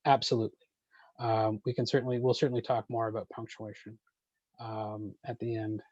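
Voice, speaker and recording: A man leading an online poetry workshop, answering questions in a measured way with frequent ums and uhs. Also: fairly low pitch, little pitch movement, darkish tone, no room sound, muffled recording.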